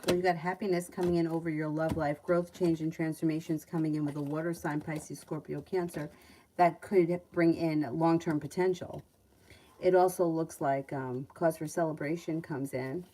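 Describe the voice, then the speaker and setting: A woman's voice: low voice, fairly even intonation, normal speed, dark tone, slight background noise, rough recording. A woman giving tarot readings on a livestream. She reads out viewers' questions and answers them in a chatty way, laughing easily between readings. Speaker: tarot reader.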